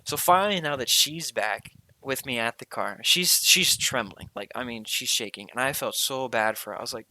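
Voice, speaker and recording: A man's voice: medium pitch, moderate pace, few pauses, pushed and bright, low-quality recording. A young man hosting a podcast, telling a long story in a casual, rambling way, full of fillers and slang. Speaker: podcast host.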